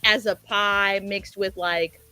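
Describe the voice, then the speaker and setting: A woman telling a story in casual chat, animated and profane, acting out both sides of the conversation. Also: mid-range voice, slow pace, clean tone, dry recording, faint music behind. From American South.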